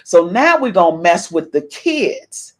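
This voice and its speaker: A woman's voice: fairly low pitch, big pitch swings, a little slow. A woman hosting a casual live-stream gossip podcast, reading viewers' chat comments aloud and calling out meow to them. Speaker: podcast host.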